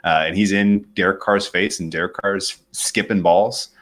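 Man, very low voice, casual sports betting talk, rambling, lots of ums. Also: fairly even intonation, moderate pace, fairly bright tone. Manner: rambling, frequent ums and restarts.

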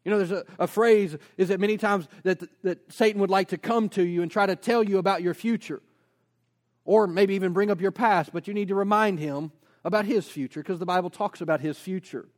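A man preaching a sermon as a pastor, energetic, posing rhetorical questions and dropping in casual personal asides. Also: high voice, a little fast.

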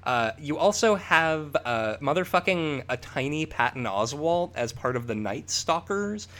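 A man on a casual podcast, talking with a lively, swooping voice that sits a little high for a man. He swears freely and riffs along, often breaking into laughs. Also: measured pace. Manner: profane, animated, riffing with laughs. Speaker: podcast co-host. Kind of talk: casual chat.

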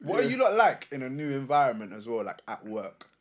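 A man's voice: medium pitch, fairly quick. A young man, teasing his friends in casual chat. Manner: teasing, lively banter.

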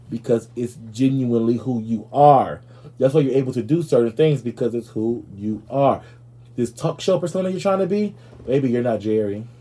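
A man with a husky, dark voice hosts a sassy comedy commentary show. He rants brashly and profanely, dishing gossip in a rolling, opinionated delivery. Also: mid-range voice. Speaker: show host.

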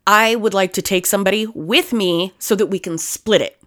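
A young woman chatting casually as a podcast co-host, telling stories in a profane, animated way. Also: medium pitch, moderate pace. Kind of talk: casual chat.

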